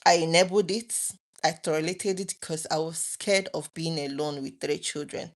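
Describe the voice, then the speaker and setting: Earnest, emotional woman with a lowish voice. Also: fairly even intonation, normal speed. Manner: earnest and emotional, with frequent restarts. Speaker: vlogger. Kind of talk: personal late-night talk to viewers.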